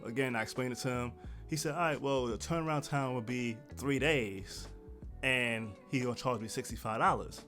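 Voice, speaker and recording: A man vlogging seated to camera, telling a story in a casual, animated way and acting out the people he quotes. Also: mid-range voice, moderate pace, faint music behind. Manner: animated, quotes others in raised voice. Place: indoors, seated at home. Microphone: camera mic, seated.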